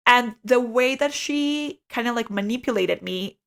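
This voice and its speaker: A young adult woman telling a story as a podcast co-host, animated, swearing freely and saying "like" a lot. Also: on the high side, unhurried, vocal fry. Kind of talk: casual storytelling chat.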